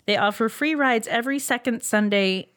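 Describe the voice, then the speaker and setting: A woman's voice: fairly high pitch, moderate pace, fairly bright tone. Chatty woman reciting facts with ums. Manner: reads out facts with many ums and uhs, laughs easily. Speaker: podcast co-host presenting a researched topic. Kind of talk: casual chat.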